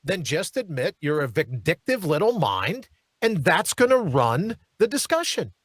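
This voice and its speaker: Lively, emphatic male talk host. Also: on the high side, unhurried, slightly rough, dry recording. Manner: emphatic, hammering rhetorical questions, mocking asides. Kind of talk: political commentary monologue. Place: studio.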